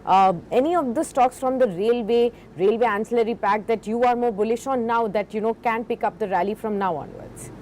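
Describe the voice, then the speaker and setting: A woman's voice: a little high, fairly quick, hardly any pauses, a little mellow, a little hiss or hum. A woman with an Indian English accent co-hosting a live market show, putting questions to guests in a conversational way.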